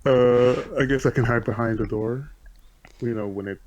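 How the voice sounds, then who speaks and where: A man's voice: medium pitch, steady tone, moderate pace, a little mellow, lo-fi sound. Hesitant male tabletop player. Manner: hesitant, laughing, many fillers. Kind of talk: casual tabletop play.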